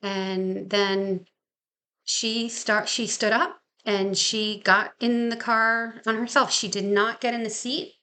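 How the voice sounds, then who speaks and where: A woman's voice: medium pitch, little pitch movement, slow pace, pushed and bright. A woman dog trainer telling a story in a casual, chatty way, laughing now and then. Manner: chatty, laughs often, acts out quotes. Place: Maine.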